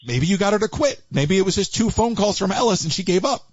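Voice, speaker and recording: A man hosting a live call-in stream, chatty and animated, with Yiddish asides. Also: high-pitched, fast talker, breathy edge, no echo. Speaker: livestream host taking calls. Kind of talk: casual chat. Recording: dull lo-fi livestream audio.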